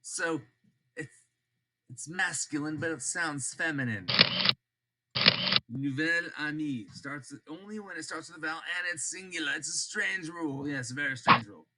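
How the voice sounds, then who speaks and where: An older man teaching a French grammar lesson, slowly repeating example words and dropping in joking asides. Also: on the high side. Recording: loud background noise.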